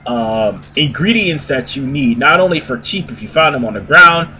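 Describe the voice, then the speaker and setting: A man's voice: mid-range voice, expressive, normal speed, sharp tone, slight background noise. A man giving casual, rambling let's-play commentary as host of a gaming video, often correcting himself. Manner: chatty, rambling, self-correcting.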